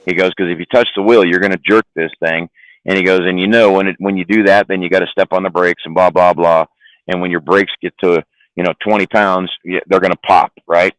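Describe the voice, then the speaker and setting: Gruff-sounding low male trucker, swears freely, dry close sound. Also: fairly even intonation, brisk, a bit bright, dry recording, rough recording. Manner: rambling, profane, repeats words. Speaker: trucker guest. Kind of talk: casual storytelling on a live stream.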